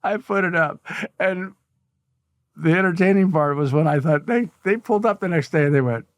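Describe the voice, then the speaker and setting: Older man telling lively anecdotes. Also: high voice, moderate pace, clean tone, no room sound. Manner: animated anecdotes with chuckles. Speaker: guest artist. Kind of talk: casual storytelling interview.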